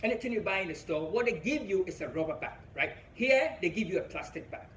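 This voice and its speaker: Animated Ghanaian man telling a stand-up story. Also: high voice, fast, echoey room, slight background noise, rough recording. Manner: animated, laughs at his own story, voice jumps up at punchlines. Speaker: stand-up comedian.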